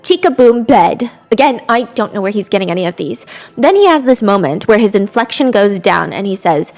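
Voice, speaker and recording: A young woman hosting a podcast, telling a true-crime story with chatty, animated asides and quoted voices. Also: medium pitch, a little fast. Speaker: podcast host.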